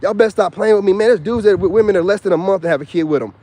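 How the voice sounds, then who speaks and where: Husky high-voiced man in his thirties. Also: rapid-fire, dark tone, dry recording. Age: 30s. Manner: emphatic and repetitive, street-slang delivery. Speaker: YouTuber. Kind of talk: casual vlog monologue.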